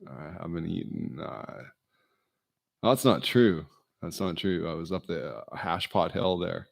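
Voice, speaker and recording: Middle-aged man, gravelly low voice, slow and rambling self-deprecating vlog monologue. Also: lively intonation. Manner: meandering, self-deprecating, full of fillers. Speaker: vlogger. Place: indoors, alone.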